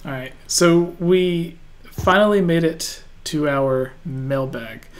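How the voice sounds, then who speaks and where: A man from Canada hosting a casual gaming podcast, relaxed and laughing often as he reads listener questions. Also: fairly high pitch, slow pace. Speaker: podcast host.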